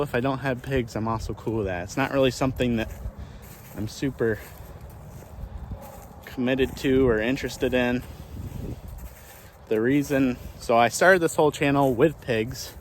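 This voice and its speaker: This man runs a small farm and hosts his own channel, chatting casually as he walks across his pasture outdoors, thinking aloud and often restarting. His voice is medium in pitch. There's a little hiss or hum in the recording.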